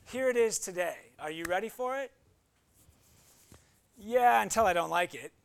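A man's voice: sits high, lively intonation, moderate pace, creaky, long pauses. A man preaching a sermon, reading scripture and then talking conversationally with playful asides. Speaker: pastor.

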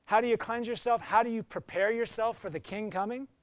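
A man's voice: sits high, fairly quick, no echo. A man preaching a conversational, emphatic sermon as pastor, acting out short quotes.

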